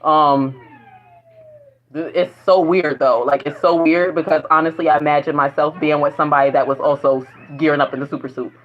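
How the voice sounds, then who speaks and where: A woman's voice: deep voice, fairly even intonation, brisk. Rambling, laughing woman on lo-fi audio. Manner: rambling, profane, laughs often. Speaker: vlogger. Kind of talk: casual spiritual monologue. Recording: dull lo-fi recording.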